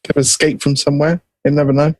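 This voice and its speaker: A man's voice: fairly high pitch, flat delivery, fast, no echo. A man co-hosting a podcast, reading out a news story in easygoing, hesitant chat. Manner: hesitant, easygoing, full of fillers. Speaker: podcast co-host. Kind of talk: casual banter.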